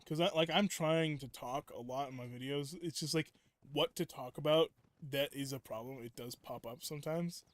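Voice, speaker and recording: A man's voice: on the high side, normal speed, no room sound. A young man chatting casually while live-streaming a game, rambling through stories with lots of fillers and restarts. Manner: rambling, filler-heavy, self-interrupting storytelling.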